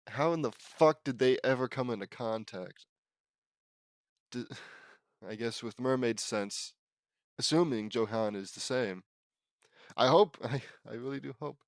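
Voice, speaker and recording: A man's voice: medium pitch, measured pace, pauses often, dry recording, studio quality. A man reading fan fiction aloud and mocking it, swearing and laughing at the writing. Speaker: fanfiction reader. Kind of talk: sarcastic audiobook reading with commentary.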